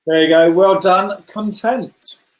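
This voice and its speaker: A man's voice: high voice, takes it slowly. A man leading a children's club, hosting a letter-guessing game over a video call, chatty and encouraging as he praises players by name. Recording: roomy echo.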